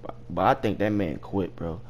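A man's voice: low voice, normal speed, slight background noise. A young man spins a crude story from his old job in a loose, rambling way. He swears constantly, trips over restarts and keeps laughing at his own tale. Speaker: streamer telling a work story. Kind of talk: casual storytelling.

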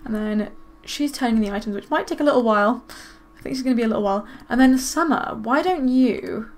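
Woman, casual gameplay commentary host; high voice, excitable, gushing. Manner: excitable, gushing, squeals with delight. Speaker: gaming video host.

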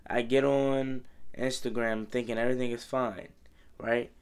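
A man's voice: mid-range voice, little pitch movement, moderate pace, clean tone. A young man vlogging about football, rambling and exasperated, peppering his talk with "bro" and "man.". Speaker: sports vlogger. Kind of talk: casual fan commentary.

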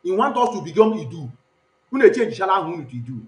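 A man's voice: high voice, big pitch swings, racing, echoey room. A man hosting the show, mocking the clips he plays and switching between Igbo and English. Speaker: host. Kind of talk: commentary on played clips.

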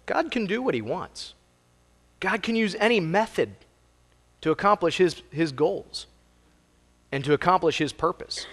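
A male pastor preaches from the pulpit, explaining the scripture verse by verse in a plain, conversational way. His voice sits a little on the high side, and it rings out with a long reverb through the church. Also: lively intonation, unhurried, pauses often, fairly bright tone. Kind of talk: sermon. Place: church sanctuary.

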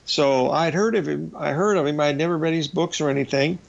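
Older man host with a gravelly voice. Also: on the high side, a little fast. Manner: rambling anecdotes with restarts and acted-out quotes. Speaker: radio show host and trading educator. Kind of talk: casual storytelling on a talk show. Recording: dull, lo-fi broadcast audio.

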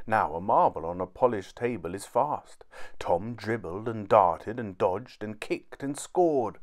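A man reading a children's storybook aloud with an expressive, animated delivery. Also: lowish voice, unhurried.

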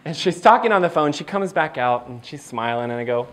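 Animated male keynote speaker. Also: a little high, brisk. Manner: animated storytelling, laughs often, acts out dialogue. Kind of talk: motivational keynote speech. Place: training event hall.

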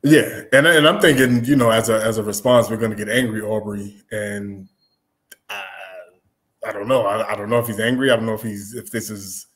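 A man's voice: on the low side, steady tone, brisk, a bit bright. Laid-back man trailing off mid-thought. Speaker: podcast co-host. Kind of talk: casual chat about rap.

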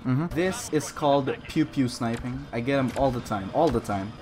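A young man giving lively, sarcastic commentary over his own gameplay, boasting in jest and swearing freely. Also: medium pitch, moderate pace. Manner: mock-boastful, jokes about himself. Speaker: gaming video creator.

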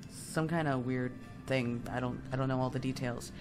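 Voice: medium pitch, fairly even intonation, moderate pace, music in the background. A young adult let's-play gamer giving rambling, self-deprecating commentary over gameplay while slightly sick. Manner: rambling, self-deprecating, with fillers and sudden asides.

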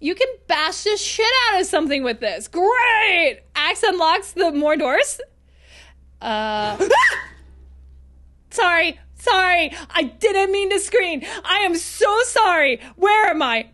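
Woman streamer, squeaky and excitable, high bright voice, live game commentary. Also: takes it slowly. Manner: excitable, chatty, talks to chat.

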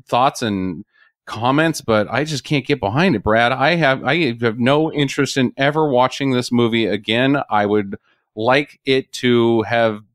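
A man's voice: medium pitch, a bit bright, no echo, clean studio sound. A man hosting a casual podcast chat, blunt and sarcastic, swearing freely. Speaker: podcast host.

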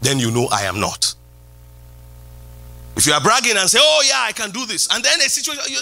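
A middle-aged man, a pastor, preaching a sermon in a church. He repeats key phrases and swings from loud calls down to quiet lines. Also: sing-song, moderate pace, creaky. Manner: preaching with sweeping pitch jumps and repeated phrases. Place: church hall.

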